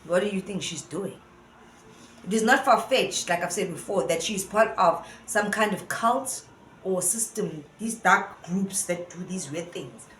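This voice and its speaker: A woman's voice: mid-range voice, unhurried, fairly bright tone, a little hiss or hum. Woman musing in an echoey room. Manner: earnest, musing, rambling. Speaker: vlogger. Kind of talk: casual opinion commentary. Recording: roomy echo.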